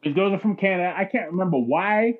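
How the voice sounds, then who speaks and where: A man's voice: sits high, fast talker, breathy edge, narrow, tinny audio. A man co-hosting a podcast, telling a long profane story in casual chat and acting out the voices in it. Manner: profane, animated storyteller who acts out quotes. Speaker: podcast co-host.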